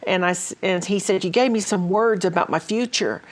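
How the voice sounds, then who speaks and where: A woman's voice: medium pitch, fairly quick. A woman hosting a ministry talk show, telling stories in a casual way with many fillers and restarts. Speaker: host.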